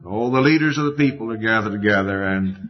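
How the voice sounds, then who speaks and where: A man preaching a sermon in a slow, deliberate way with emphatic rises. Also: lowish voice. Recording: dull lo-fi recording.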